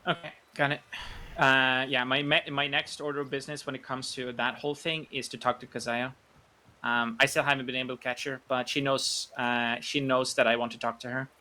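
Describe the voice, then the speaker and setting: A man's voice: mid-range voice, level tone, fairly quick, pushed and bright. A man talking in character during a role-play game, hesitant and full of fillers and restarts.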